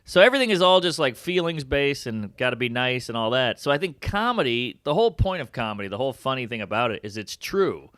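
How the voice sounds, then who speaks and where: A man, a comedian chatting as an interview guest, jokey and animated with big jumps in pitch for emphasis. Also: fast talker, few pauses, dry recording, clean studio sound. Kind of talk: casual interview chat.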